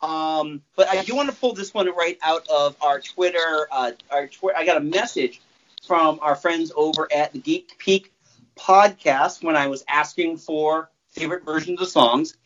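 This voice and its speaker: A man's voice: on the high side, measured pace, fairly bright tone, slight background noise. Rambling male podcast host, muffled sound. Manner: rambling, loose and jokey, with many fillers. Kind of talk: casual chat.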